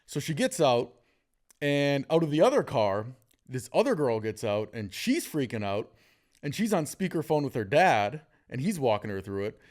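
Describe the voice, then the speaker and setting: A man's voice: medium pitch, normal speed. A man hosting a podcast, telling stories in casual chat with frequent laughter and fillers. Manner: animated, laughs often, many fillers. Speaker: podcast host.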